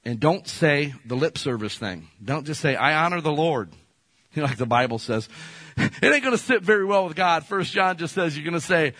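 A man preaching a sermon as a pastor, folksy and animated, often slipping into playful quoted voices. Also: a little high, moderate pace, dry recording.

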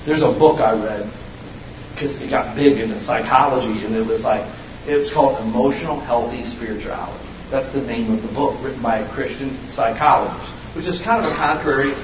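A man in his fifties preaching a sermon as pastor, folksy and animated, with sudden shouted bursts. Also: medium pitch, a little hiss or hum. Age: 50s. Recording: echoey room, voice from a distance.

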